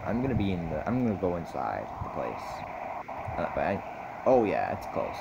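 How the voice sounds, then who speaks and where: Excitable rambling young man gaming. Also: low voice, moderate pace, vocal fry. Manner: rambling, excitable, jumps from mumbling to yelling. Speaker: gamer. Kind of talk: casual gameplay commentary. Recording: noisy recording.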